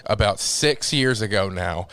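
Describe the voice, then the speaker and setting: A man's voice: on the low side, animated, unhurried, fairly bright tone. A man who is a comedian, telling rambling stories in a casual podcast chat, swearing often and restarting his sentences.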